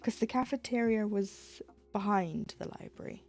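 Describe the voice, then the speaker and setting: Gravelly-voiced woman rambling. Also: mid-range voice, normal speed, dark tone, soft background music. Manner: rambling storytelling with laughs and self-quoting. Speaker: livestreamer stitching cross-stitch. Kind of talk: casual chat while crafting.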